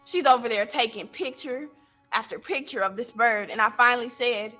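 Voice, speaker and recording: Girl acting out a blunt middle-aged guy from the coast, gets loud telling it, bright voice. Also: fairly high pitch, normal speed, faint music behind. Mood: heated. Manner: storytelling, gets heated and loud. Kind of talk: stage monologue from interviews.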